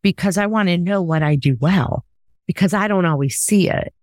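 A woman's voice: on the low side, moderate pace, a little mellow, no echo. A woman hosting a podcast in casual conversation, talking in an emphatic, coaching way. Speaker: podcast host.

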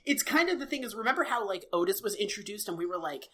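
A woman's voice: mid-range voice, quick pace. A young woman co-hosting a podcast, chatting casually and acting out characters as she recaps a TV episode. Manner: animated, laughing, acts out characters. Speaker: podcast co-host.

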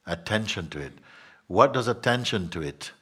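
Man, spiritual teacher, husky voice, low pitch, soft and whispery, playful asides. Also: lively intonation, moderate pace. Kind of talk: spiritual teaching dialogue with listeners.

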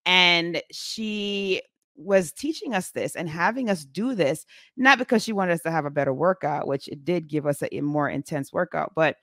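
A woman in her forties telling a story in a casual vlog, chatty and animated, with many fillers. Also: lowish voice, moderate pace, no room sound, clean studio sound. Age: 40s.

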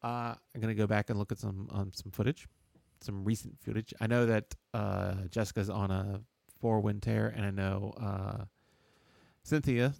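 A man co-hosting a casual sports chat, rambling and halting with lots of "uh"s and chuckles. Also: on the low side, fairly even intonation, creaky, a little mellow, no room sound. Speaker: podcast co-host.

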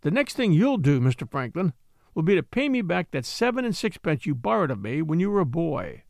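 A man's voice: fairly high pitch, big pitch swings, a little fast, vocal fry, dry recording, studio quality. A man doing Betteredge, a sly old steward. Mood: grumbling. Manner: folksy, gently scolding. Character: shrewd, sly old male house steward.

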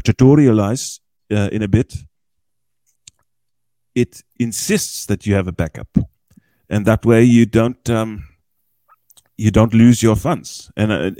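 A man's voice: lowish voice, measured pace, dark tone, no room sound. A man as a podcast guest, explaining cryptocurrency in a chatty, folksy way and often checking in with "okay?". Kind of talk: casual explanatory podcast talk. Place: podcast recording with a small group.

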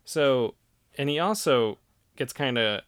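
A woman with a strikingly deep, low voice co-hosts a casual podcast and retells movie scenes in a laid-back, agreeable way. Her voice is recorded close and dry, with no room sound. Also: lively intonation, takes it slowly, no room sound. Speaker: podcast co-host. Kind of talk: casual movie-review chat.

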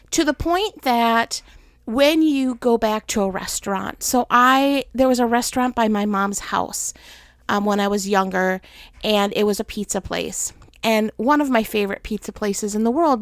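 A woman's voice: fairly high pitch, normal speed, no room sound, studio quality. A middle-aged woman hosting a personal faith podcast, talking candidly and with self-deprecating humor, worn out while recovering. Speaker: podcast host.

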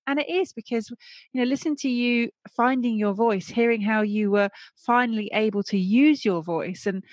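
A woman's voice: on the high side, normal speed, no room sound. A woman hosting an interview show, effusive and openly moved by her guest's story. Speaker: podcast host. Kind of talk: interview chat.

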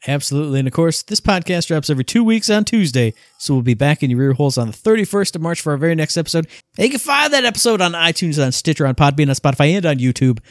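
A man co-hosting a podcast, lively and theatrical in a casual chat. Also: fairly high pitch, quick pace, hardly any pauses, no echo, clean studio sound. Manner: lively and theatrical, bursts into mock singing. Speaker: podcast co-host.

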